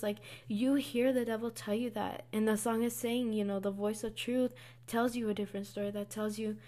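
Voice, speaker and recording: A woman's voice: fairly high pitch, fairly even intonation, moderate pace, darkish tone. Earnest woman in a casual faith talk. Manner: earnest, repeats phrases for emphasis. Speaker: vlogger sharing a faith reflection.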